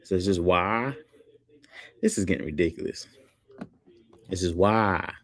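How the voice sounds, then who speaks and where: A man's voice: sits low, measured pace, fairly bright tone. A man hosting a livestream, joking loosely, laughing often and reading chat comments aloud.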